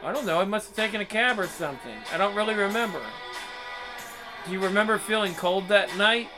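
A man reading game dialogue aloud in a wry, bemused, low-key way. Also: brisk, music in the background. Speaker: game player.

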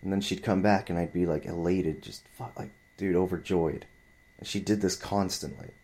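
A man's voice: sits low, steady tone, moderate pace, darkish tone. A man in his twenties telling a story in a heated, profane, rambling rant. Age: 20s.

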